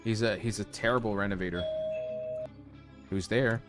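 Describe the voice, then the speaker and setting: A man's voice: fairly low pitch, fairly even intonation, normal speed, over music. A man streaming a horror game, reading its lines aloud with joking asides. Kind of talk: casual let's-play commentary.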